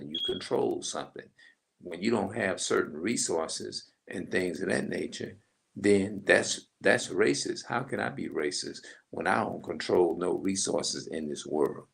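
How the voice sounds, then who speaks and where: A man's voice: sits low, measured pace, creaky. A middle-aged man in a rambling, emphatic casual monologue, swearing freely as he vents. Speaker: vlogger.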